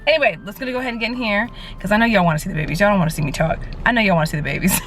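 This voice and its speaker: A woman's voice: medium pitch, very fast, hardly any pauses, a bit bright. A young woman talking casually to camera as a vlogger and new mother of twins, rambling with many fillers.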